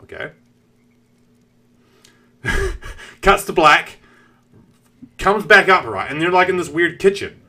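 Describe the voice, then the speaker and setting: A young man with a New Zealand accent, telling a story on a game stream in a profane, animated way. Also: high voice, slow pace, pauses often. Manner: animated, profane, acts out the characters.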